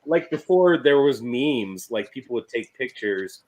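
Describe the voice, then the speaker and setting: A man co-hosting a casual stream, joking loosely and quick to laugh. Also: mid-range voice, animated, background noise. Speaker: podcast co-host. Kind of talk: casual chat.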